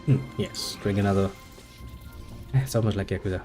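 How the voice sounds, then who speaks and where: A man's voice: deep voice, fairly even intonation, normal speed, over music. A man giving sarcastic, muttered commentary while playing a game, swearing freely. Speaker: gameplay commentator. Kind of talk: casual gameplay commentary.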